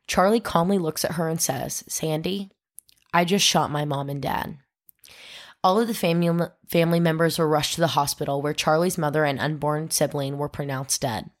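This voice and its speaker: Low-voiced woman telling true crime. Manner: dramatic storyteller, acts out quoted voices. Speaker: podcast host.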